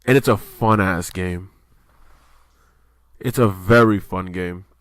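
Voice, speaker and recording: Low-voiced casual male podcaster. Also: slow, dry recording, studio quality. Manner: loose, profane, rambling with many fillers. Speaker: podcast co-host.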